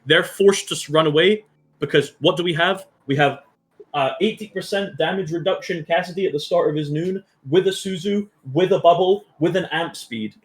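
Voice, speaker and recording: A man's voice: fairly high pitch, moderate pace. A man coaching his esports team through a match review, direct and blunt, swearing freely and checking in with his players often. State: has the hiccups.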